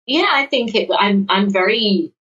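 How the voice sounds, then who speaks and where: Woman from southwest london, lively storyteller, acts out quotes, muffled faraway mic. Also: medium pitch, measured pace, slight background noise. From England, south-west London area. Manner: animated storytelling, acts out quoted dialogue, frequent restarts. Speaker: guest, lottery winner. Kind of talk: casual podcast interview. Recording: dull sound from a distant mic.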